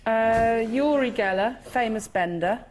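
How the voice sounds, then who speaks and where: A woman with a slightly raised pitch speaks very slowly and lazily, dropping wry comebacks. Heavy studio noise runs under her voice. She sounds unhurried and amused. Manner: laid-back, wry comebacks. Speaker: guest panellist. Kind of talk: panel show banter. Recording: noisy TV studio broadcast.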